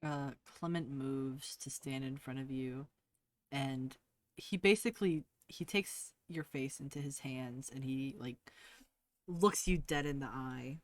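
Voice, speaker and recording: Slow, measured man narrating his character. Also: medium pitch, dry recording. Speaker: player.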